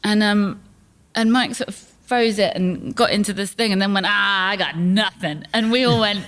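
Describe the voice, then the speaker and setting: A woman's voice: mid-range voice, fairly even intonation, moderate pace. A woman hosting a podcast, reminiscing enthusiastically and laughing often in casual chat. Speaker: podcast host.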